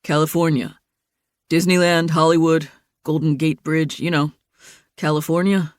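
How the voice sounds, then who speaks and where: A woman's voice: sits low, flat delivery, measured pace, no echo, clean studio sound. A woman narrator voicing a big, easygoing young man who jokes and reassures. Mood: defensive. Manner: joking, reassuring.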